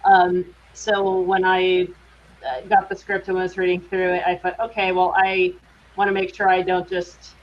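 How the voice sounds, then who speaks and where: A woman's voice: on the low side, completely flat delivery, a little slow. A woman guest actress chatting in an interview, using plenty of fillers and restarts. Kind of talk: casual interview chat. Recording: dull lo-fi audio with faint hiss.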